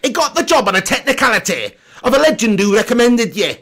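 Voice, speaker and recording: A man doing an impression of a scornful man delivering slow, emphatic insults. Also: very high-pitched, big pitch swings, fairly bright tone, heavily acted.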